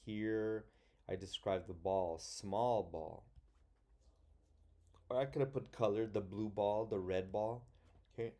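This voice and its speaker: A male teacher with a lowish, mellow voice leads young children through a phonics lesson. He talks slowly and patiently, sounding words out letter by letter and reading sentences aloud in chunks.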